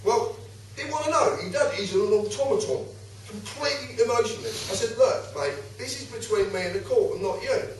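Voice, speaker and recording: A man's voice: sits high, very animated, fairly quick. A man telling a casual anecdote to an audience, swearing freely and acting out the other voices. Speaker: storyteller. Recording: echoey room, distant from the mic, faint noise.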